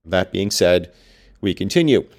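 A man reading a novel aloud, mixing expressive reading with chatty, casual asides. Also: deep voice, a little slow. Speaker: book reader.

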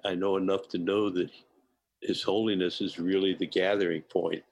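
A man, a chef, telling a personal anecdote in an interview, animated and laughing often. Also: low-pitched, normal speed, gravelly, no room sound, poor audio. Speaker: guest chef.

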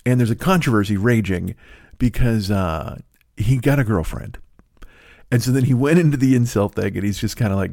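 A man's voice: on the low side, moderate pace, gravelly, a little mellow, no echo, clean studio sound. A middle-aged man hosting a comedy podcast, ranting in a profane, exasperated way. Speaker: comedian host.

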